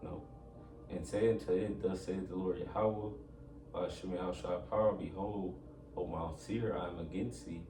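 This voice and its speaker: A man teaching from scripture, reading old-style verses in a measured, solemn way and then explaining them. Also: sits low, steady tone, noisy background. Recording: echoey room, distant mic, music behind.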